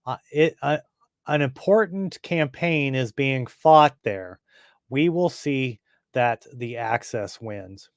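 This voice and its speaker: Man reading comic aloud, casual asides, slow pace, dry close sound. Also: medium pitch, expressive, dry recording. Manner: casual, with fillers and side comments. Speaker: comic book reader.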